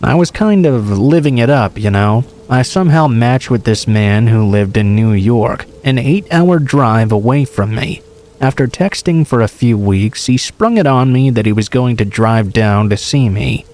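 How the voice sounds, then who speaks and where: A man reading true scary stories aloud in a steady, measured first-person narration. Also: mid-range voice. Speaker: horror story narrator.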